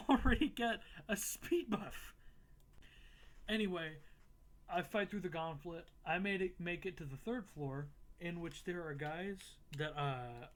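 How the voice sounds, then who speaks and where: A man's voice: a little high, fairly bright tone. A young man casually recapping a game playthrough, swearing freely and laughing at himself. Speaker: gaming YouTuber.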